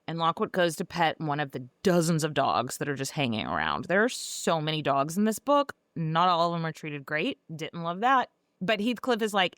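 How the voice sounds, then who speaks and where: A woman's voice: sits low, very animated, moderate pace, a bit bright, no echo, studio quality. A woman podcast host giving a casual, sarcastic and profane recap of a book.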